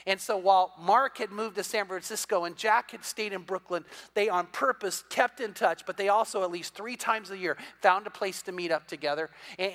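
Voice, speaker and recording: A middle-aged pastor with a high-sitting voice tells a story during a sermon. He's animated, restarting repeatedly with "and, and" as he acts out the people in it.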